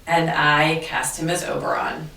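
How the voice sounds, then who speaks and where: Brief: earnest woman teacher, deep voice, roomy distant recording. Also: measured pace, gravelly. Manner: earnest, animated storytelling with restarts. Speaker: teacher, interview guest. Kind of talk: conversational interview. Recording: echoey room, distant mic.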